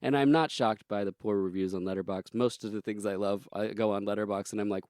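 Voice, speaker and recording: A man's voice: fairly low pitch, steady tone, fast talker, hardly any pauses, darkish tone, no room sound, clean studio sound. A man hosting a podcast movie draft in casual chat, wry and self-mocking. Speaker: podcast host.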